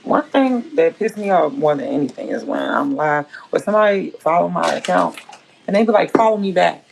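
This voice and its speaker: A woman with a gravelly, creaky edge to her voice chats casually on a livestream while she cooks. She is blunt and profane and rambles from one point to the next. A faint hiss sits under her voice. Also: sits low, expressive, a little fast. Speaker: home cook and food vlogger.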